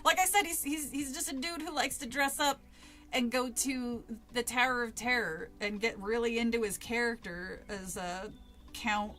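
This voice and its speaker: A woman's voice: fairly high pitch, steady tone, normal speed, a bit bright. A woman streamer reading a spooky book aloud with casual asides to chat, laughing often and swearing freely.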